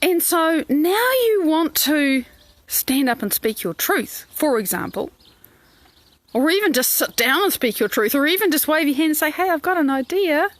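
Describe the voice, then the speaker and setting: A woman's voice: sits high, very animated, moderate pace, no room sound. A woman coach, talking in a live coaching stream, acting out quoted inner voices with lots of expression. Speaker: life coach. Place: outdoors in the sun.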